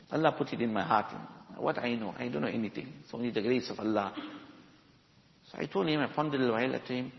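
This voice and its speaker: A man's voice: mid-range voice, quick pace, vocal fry. A man giving a sermon in English, telling stories and mixing in Arabic and Urdu words. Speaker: Muslim preacher. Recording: dull echoey hall recording.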